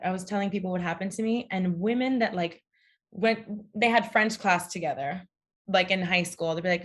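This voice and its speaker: A young adult woman telling a personal story as a podcast guest, blunt, profane and sarcastic. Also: mid-range voice. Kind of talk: candid casual conversation.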